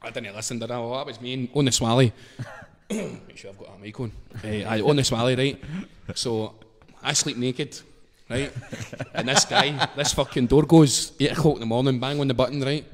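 A man's voice: mid-range voice, normal speed. A man with a Glaswegian accent telling a casual story. He swears freely, laughs as he goes and acts out the scenes. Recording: long reverb in a hall-like room.

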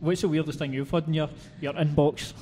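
Male podcast host, slightly high voice, relaxed and joking; room reverb. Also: a little fast, heavy background noise. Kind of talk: casual podcast chat.

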